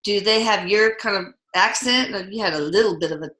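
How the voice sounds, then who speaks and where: A woman hosting the show, chatting casually and telling stories in an animated way. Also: mid-range voice, brisk. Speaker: host. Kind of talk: casual conversation. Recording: echoey room.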